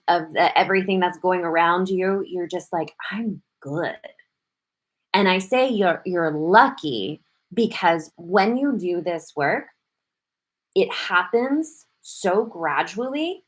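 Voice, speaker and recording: Lively low-voiced woman hosting a live show. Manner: animated, quick bursts with playful acted quotes. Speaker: host of a live morning show. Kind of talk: casual live-stream talk.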